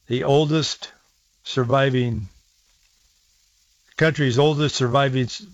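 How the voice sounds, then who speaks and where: A man's voice: on the high side, dry recording, muffled recording. A male host retelling a news story in a conversational, digressive way, restarting phrases as he goes.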